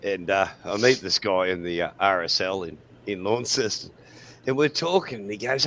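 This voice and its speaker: A man's voice: sits low, normal speed, fairly bright tone, slight background noise. A man in his sixties with an Australian accent, hosting a casual panel chat and telling bawdy anecdotes with frequent laughs.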